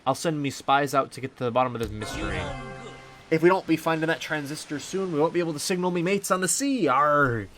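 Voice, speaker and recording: A gruff candy pirate captain from a video game, growling his lines with old sea-dog slang and a raised, pushed voice, as a man puts him on. He talks over faint game music. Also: fairly high pitch, quick pace, a bit bright, pitched above the performer's own voice, lightly acted. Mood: gruff, scheming. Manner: growling pirate talk, arr and me hearty.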